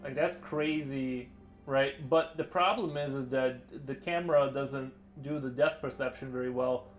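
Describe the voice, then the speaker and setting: A man's voice: medium pitch, fairly even intonation, measured pace, soft background music. A man live-streaming while he paints, chatting casually in a rambling, hesitant way full of fillers and restarts.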